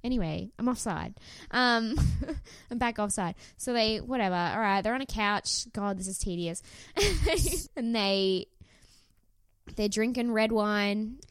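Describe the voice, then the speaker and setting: A woman's voice: mid-range voice, expressive, takes it slowly, smooth, no echo. A woman co-hosting a podcast, chatting casually in a giggly, sarcastic way and swearing freely. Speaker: podcast co-host. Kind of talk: casual chat.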